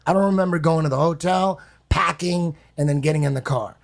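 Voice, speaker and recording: A man's voice: a little high, brisk, gravelly. A man telling a long story on a podcast in a casual, rambling way, swearing often and repeating himself. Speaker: podcast guest.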